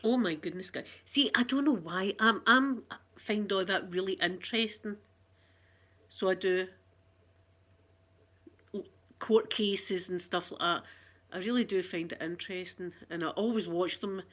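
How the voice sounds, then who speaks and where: A woman's voice: mid-range voice, unhurried, pauses often, fairly bright tone. A woman with a Scottish accent chatting casually to her viewers on a phone, rambling and laughing often. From Scotland. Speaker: channel host.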